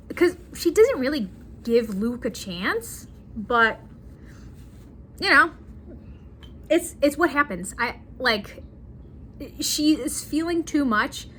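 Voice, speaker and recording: A woman talks through a movie plot in a slow, unhurried way, her voice sitting a little high. She retells the scenes with dramatic flair, and a faint hiss lies under the recording. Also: a bit bright. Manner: chatty, dramatic retelling with acted quotes. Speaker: movie reviewer. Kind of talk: casual movie recap.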